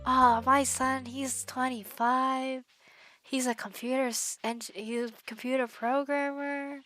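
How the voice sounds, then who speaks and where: A creepy, chatty old man, as put on by a young woman drawls in a raised, sing-song voice. Every phrase is slowed right down and drawn out. It plays like a quoted character in a casual spoken anecdote. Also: high-pitched, little pitch movement, fairly bright tone, soft background music, pitched above the performer's own voice. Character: chatty elderly man, creepy, slow-talking.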